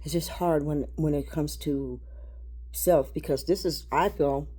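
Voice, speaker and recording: Woman, low-pitched, rambling spiritual talk; halting, repetitive, shifts between hushed and loud. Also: steady tone, breathy edge. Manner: halting, repeats words.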